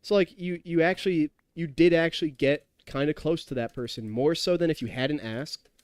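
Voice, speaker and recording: A man's voice: on the high side, normal speed, darkish tone, clean tone, dry recording, studio quality. A young man streaming a game, chatting loosely and telling stories to his chat while tipsy. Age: young adult. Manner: rambling, laughing, storytelling, reading chat. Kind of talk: casual live-stream chat while gaming.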